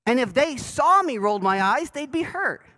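Pastor, male, high and lively voice, chatty and self-deprecating, asks the room questions. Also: moderate pace, low-quality recording. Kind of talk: sermon. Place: church sanctuary.

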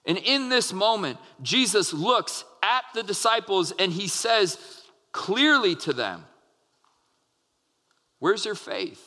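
Male pastor, earnest sermon delivery, high and bright, long hall reverb. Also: sing-song, measured pace. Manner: earnest, with frequent restarts and quoted dialogue.

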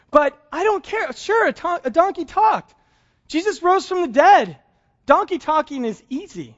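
A man's voice: extremely high pitch, lively intonation, unhurried, lo-fi sound. A man preaching a sermon in a conversational, humorous way, chuckling often. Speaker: pastor.

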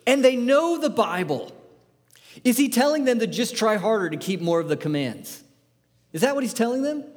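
A man preaching a sermon, firing rhetorical questions at the congregation in an animated, emphatic way. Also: high-pitched, long reverb tail. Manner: asks the audience many questions, animated and emphatic. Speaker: pastor.

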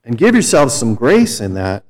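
A man's voice: medium pitch, huge pitch swings, moderate pace, a little mellow. A middle-aged man, a pastor, preaching a sermon in a conversational, storytelling way with frequent restarts.

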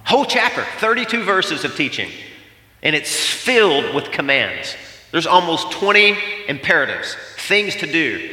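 Bright-voiced preacher in an echoing hall. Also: male voice, fairly high pitch, very animated, measured pace. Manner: conversational preaching, acts out quotes, rhetorical questions. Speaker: pastor. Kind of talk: sermon. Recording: echoey hall with long reverb.

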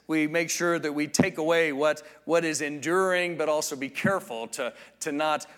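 A man preaching a sermon, teaching in a measured, reflective way with frequent restarts. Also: fairly high pitch, fairly even intonation, a bit bright. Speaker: pastor.

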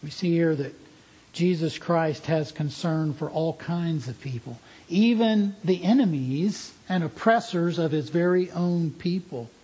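A man's voice: fairly high pitch, unhurried, dark tone, husky, rough recording. A man preaching a sermon in an earnest, emphatic way, asking his listeners pointed questions.

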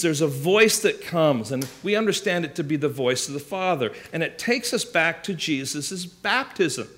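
A man's voice: fairly high pitch, fairly bright tone. A man preaching a sermon, explaining scripture with emphatic rhetorical questions and restarts. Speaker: pastor.

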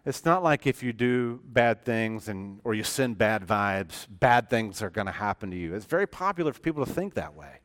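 A man preaching a sermon as a church pastor, emphatic and swinging from loud to hushed. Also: lowish voice, expressive, moderate pace, hardly any pauses. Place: church sanctuary.

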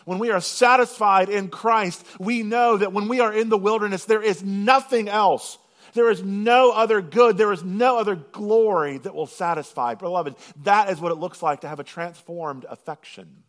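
A man delivering a sermon in a slightly higher voice, rising to loud declarations and then dropping to a hushed, intense murmur. He lingers slowly over scripture lines for emphasis. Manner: dramatic swings between loud proclamation and hushed intensity. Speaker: pastor.

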